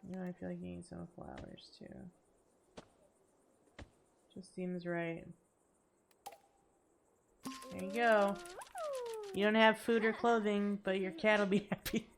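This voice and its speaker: A sleepy woman streamer with a raspy voice, chatting casually to her chat and to herself as she plays. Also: mid-range voice, fairly even intonation, takes it slowly, long pauses, a little hiss or hum. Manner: chatty, talks to chat and herself, laughs often.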